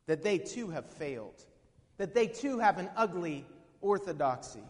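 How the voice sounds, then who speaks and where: A man preaching a sermon with dynamic swings from hushed to shouting, asking the congregation questions. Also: high voice, sing-song, a little slow. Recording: long reverb of a hall.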